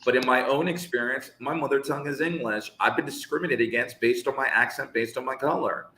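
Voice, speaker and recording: A man co-hosting a live chat as an English teacher. He talks in an emphatic, preaching way, firing off rhetorical questions. His voice is bright and forceful, and the room around him rings with echo. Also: mid-range voice, a little fast, a little hiss or hum. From United States. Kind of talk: live conversational discussion.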